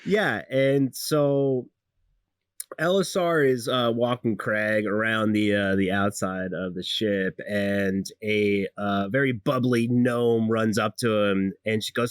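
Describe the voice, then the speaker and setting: A young man narrating as dungeon master in a casual, relaxed way with many fillers. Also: lowish voice, slow pace, clear, resonant tone, dry recording, studio quality. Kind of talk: casual podcast game narration.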